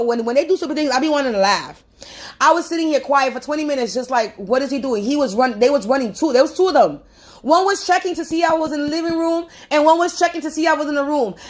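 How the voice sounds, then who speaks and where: A woman ranting bluntly and mockingly on a casual livestream from her apartment, talking into a phone. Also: high-pitched. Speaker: livestream host.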